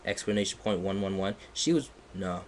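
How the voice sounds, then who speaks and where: A man's voice: sits low, moderate pace. A man giving a comedic dramatic reading of a text, exasperated and breaking off to mock it. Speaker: live streamer reading aloud. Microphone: computer microphone on a live stream.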